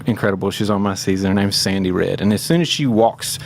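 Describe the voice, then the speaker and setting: A man in his thirties with a fairly low voice, telling stories as a guest in a relaxed, chatty way. He is from the Memphis area and talks with animated energy, breaking into laughter often. A faint hum of room ambience sits behind him. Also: fast talker, gravelly. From Memphis area, United States. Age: 30s. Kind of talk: casual storytelling.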